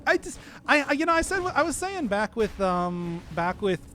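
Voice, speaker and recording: Animated high-voiced Midwestern man streaming. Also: normal speed. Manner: rambling, animated, chuckles often, talks to chat. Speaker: game streamer. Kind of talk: casual stream chat while playing.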